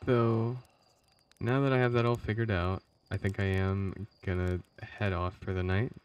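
A man's voice: lowish voice, fairly even intonation, a little slow, clean tone, dull audio. A sleepy man chatting casually while streaming a game live, chuckling often. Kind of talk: live gameplay stream commentary. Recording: slightly distant mic, faint background noise.

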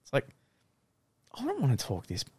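A young man, hosting a casual podcast chat in a relaxed, agreeable way. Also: mid-range voice, moderate pace, husky, dry recording. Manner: relaxed, agreeable, rises when worked up. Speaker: podcast host.

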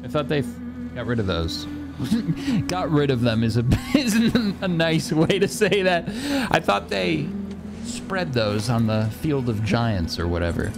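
A young man streaming a video game live, joking, laughing often and reacting loudly to the story. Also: medium pitch, animated, a little slow, creaky. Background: game audio and music.

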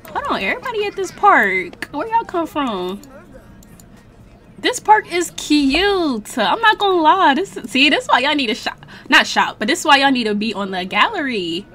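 A young woman chatting casually as she streams a life-sim game, talking to her viewers and the characters with slangy, animated exclamations. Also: high voice. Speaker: gaming streamer. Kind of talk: casual let's-play commentary.

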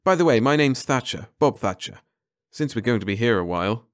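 A man's voice: medium pitch, lively intonation, brisk, natural voice. A man voicing a brash, chatty young male passenger on a spaceship.

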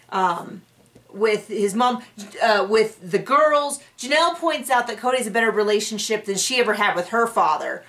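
A woman's voice: fairly high pitch, fairly bright tone, distant mic. A young woman recapping a reality TV episode in casual commentary, sarcastic and exasperated, now and then mocking people in put-on voices. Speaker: recap reviewer.

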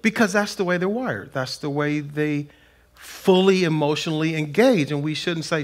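A man preaching a conversational sermon in a plain-spoken, folksy way, swinging between loud emphasis and soft asides. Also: high voice, normal speed. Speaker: pastor. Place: church sanctuary.

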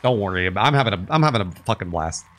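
A man's voice: lowish voice, lively intonation, racing, a bit bright, faint music behind. Incredulous, swearing male streamer. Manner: loose, profane, incredulous. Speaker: streamer playing a game with friends. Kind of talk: casual gaming chat.

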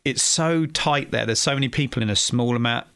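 An English man talking as a podcast guest, his voice gravelly with a lot of fry. He rambles loosely and restarts his sentences often, recorded close and dry. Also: medium pitch, a little fast, fairly bright tone, dry recording. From England. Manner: rambling, with many restarts and fillers. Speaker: guest, food truck owner. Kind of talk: casual interview chat.

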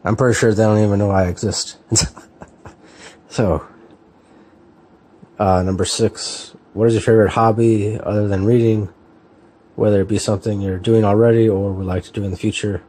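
Man in his 30s, husky, low-ish voice, slow easygoing vlog chat, hesitant with fillers. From California. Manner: relaxed, hesitant, many fillers and restarts. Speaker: book vlogger. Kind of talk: casual chat, answering a tag.

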